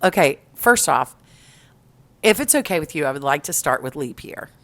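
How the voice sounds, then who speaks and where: A middle-aged woman co-hosting a podcast in casual chat, telling stories in an animated, giggly way. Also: deep voice, moderate pace. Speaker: podcast co-host.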